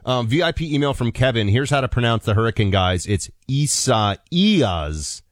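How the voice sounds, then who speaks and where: A man's voice: mid-range voice, quick pace, no room sound, studio quality. A man co-hosting a talk radio show, talking in a casual, emphatic and playful way, and also reading an ad live. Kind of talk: casual political radio chat and live-read ad.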